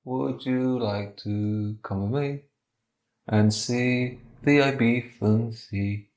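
A man voicing a strange, creepy male drug dealer who speaks slowly and oddly, in a roomy recording. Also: steady tone, darkish tone, dull audio. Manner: slow, low, sinister, odd rhymes.

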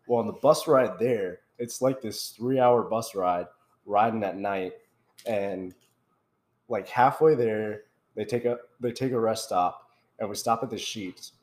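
A man's voice: lowish voice, unhurried. A young man, casually telling a funny story on a podcast and laughing as he talks. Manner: animated, laughs while telling stories. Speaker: podcast host.

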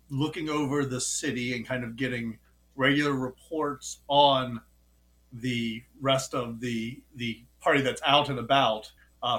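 A man's voice: medium pitch, a bit bright, rough recording. Casual man describing his character. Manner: casual, with fillers. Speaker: player. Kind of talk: playing a tabletop game.

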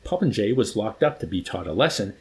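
Expressive man reading a novel aloud. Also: on the low side, brisk. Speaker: reader.

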